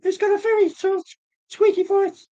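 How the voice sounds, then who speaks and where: A man doing a squeaky, very high-pitched impression of a cheeky male comedian, a little off-mic. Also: little pitch movement, normal speed, dark tone, lo-fi sound.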